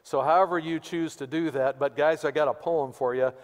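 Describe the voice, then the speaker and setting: A man's voice: fairly high pitch, fairly even intonation, fairly quick. A male pastor giving casual, joking announcements before his sermon, with many fillers, in a reverberant church sanctuary.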